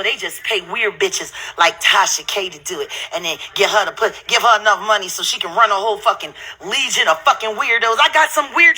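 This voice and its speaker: Mad woman venting on her channel, swears a lot, repeats herself, counts off items sarcastically, super bright and piercing. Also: sits high. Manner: heated, cursing, repetitive, counts aloud sarcastically. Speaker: channel host ranting to viewers. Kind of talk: angry profane rant while browsing videos on screen.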